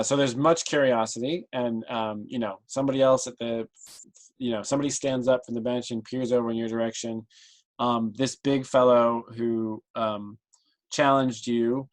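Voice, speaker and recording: Chill guy running a tabletop game, lots of ums, average pitch. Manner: relaxed, many ums, describes the scene. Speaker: game master.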